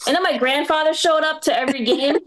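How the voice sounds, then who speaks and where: High-voiced young woman doing stand-up. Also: fast talker, a bit bright. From Boston area. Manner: rambling, filler-heavy storytelling with lots of "like" and laughs. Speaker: stand-up comedian. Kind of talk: stand-up set. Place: small live comedy venue with audience.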